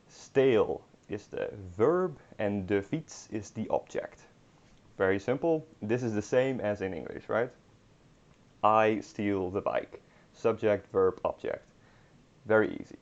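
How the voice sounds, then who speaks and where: Young male language teacher, low voice, halting delivery with dry wit, muffled lo-fi audio. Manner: hesitant, many ums and restarts, dry humor. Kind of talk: online beginner language lesson. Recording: dull lo-fi recording.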